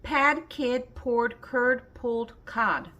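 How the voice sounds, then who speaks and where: A woman's voice: fairly high pitch, steady tone, takes it slowly, pushed and bright, lo-fi sound. An older woman reading a children's joke book aloud, posing riddles and giving the answers, laughing along at the jokes. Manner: reads riddles then answers, laughing at her own jokes.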